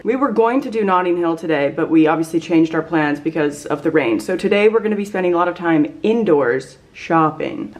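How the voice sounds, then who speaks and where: A woman talking casually to her camera in a hotel room for a travel vlog, chatty and upbeat with lots of "like". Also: on the low side. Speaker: vlogger.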